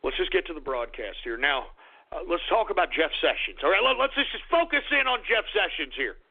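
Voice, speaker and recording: A man's voice: a little high, very animated, brisk, creaky, husky. A man hosting a radio talk show, ranting in an agitated, swearing, stammering way. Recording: tinny phone-like radio audio.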